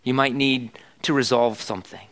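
A man's voice: medium pitch, steady tone, moderate pace, fairly bright tone. A middle-aged man preaching a sermon in a conversational way, asking the congregation questions as he goes. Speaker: pastor.

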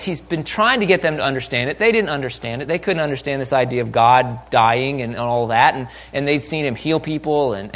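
A male pastor preaching a sermon in an animated way. He swings from loud, raised bursts down to near-quiet asides. He acts out the voices of the people in the story as he goes. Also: on the high side.

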